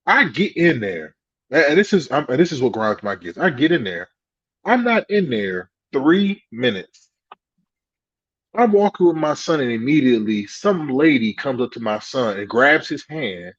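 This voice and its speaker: A man's voice: medium pitch, no echo. A man chats on a podcast, his voice swinging widely as he tells stories and jokes about himself. The sound is dry and close, with a slightly dull, lo-fi tone. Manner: animated storytelling, swearing, laughing at himself. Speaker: podcast co-host. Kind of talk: casual podcast chat.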